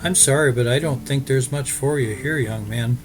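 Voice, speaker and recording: A man voicing a brisk, matter-of-fact middle-aged frontier farm mother. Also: mid-range voice, natural voice.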